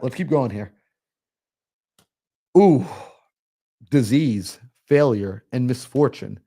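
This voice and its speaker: A man coaching on a live stream, energetic and preachy, acting out little everyday scenes. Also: medium pitch. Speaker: mindset coach. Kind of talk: motivational live-stream talk.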